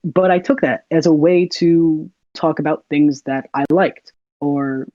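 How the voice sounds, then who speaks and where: A young man from the US talks in a relaxed way as a podcast guest, sometimes laughing. His fairly high, dark voice stays fairly even and measured, recorded in dry, dull lo-fi sound.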